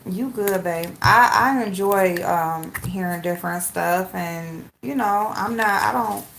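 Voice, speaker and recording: A woman's voice: medium pitch, unhurried, gravelly, a bit bright. A woman hosting a casual live stream, chatting with viewers and greeting them by name. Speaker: livestream host. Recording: echoey room with background noise.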